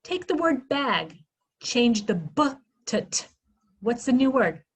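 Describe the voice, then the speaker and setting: A woman giving a literacy workshop, sounding out phonemes slowly and asking questions she answers herself. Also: a little high, very animated, slightly rough, low-quality recording. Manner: slow, exaggerated sounding-out of phonemes; asks questions then answers them herself. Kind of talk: instructional presentation.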